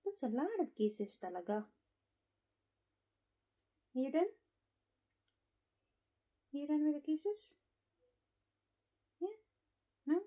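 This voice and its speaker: A woman's voice: high-pitched, very animated, takes it slowly, long pauses, warm tone, poor audio. A woman with a Filipino accent, talking baby talk to her pet birds in a cooing, sing-song way.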